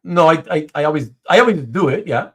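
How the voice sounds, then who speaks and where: A man hosting a casual livestream chat, reading viewer comments aloud, with animated speech and stumbling restarts. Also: a little high, a little fast. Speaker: host.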